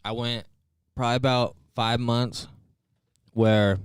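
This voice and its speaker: A man's voice: medium pitch, flat delivery, takes it slowly, clean tone, no room sound, clean studio sound. A man co-hosting a casual live-stream chat, telling a story with lots of fillers, restarts and laughs. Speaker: co-host. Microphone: desk mic, headphones.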